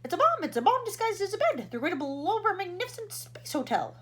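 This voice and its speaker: A woman voicing a male president with a deep, rasping voice, snapping impatient orders. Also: very animated, fast. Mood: snappish. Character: gruff, bossy male president.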